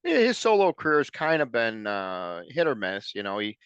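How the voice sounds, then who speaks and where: A man co-hosting a casual album-review chat, easygoing and halting, with many fillers. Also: medium pitch, huge pitch swings, a bit bright, clear, resonant tone, no room sound, dull audio. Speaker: co-host.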